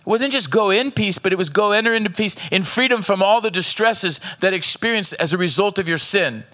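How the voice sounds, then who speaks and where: A man preaching a sermon, reading scripture aloud with slow emphasis and checking in with the congregation. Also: high-pitched, fairly bright tone. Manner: asks the audience "are you with me", reads scripture aloud with slow emphasis. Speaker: pastor.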